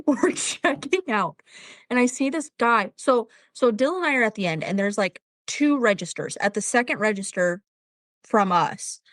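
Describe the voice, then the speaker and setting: A woman co-hosting a podcast, telling stories in a casual chat, animated and laughing often. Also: fairly high pitch, moderate pace, no room sound. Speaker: podcast co-host.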